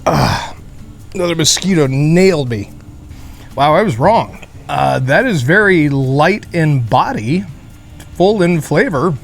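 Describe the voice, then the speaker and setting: Chatty man reviewing beer outdoors. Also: on the high side. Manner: chatty, rambling, jokey asides with fillers. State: sweating in the heat. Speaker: beer reviewer, channel host. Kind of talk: casual beer review vlog. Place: outdoor beer garden in hot weather.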